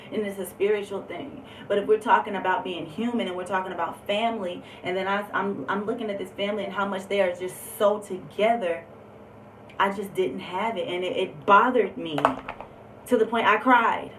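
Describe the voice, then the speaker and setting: A woman's voice: medium pitch, fairly bright tone. A woman telling a personal story on a vlog, candid and emphatic, with lots of fillers. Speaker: vlogger. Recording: roomy echo, distant mic, faint background noise.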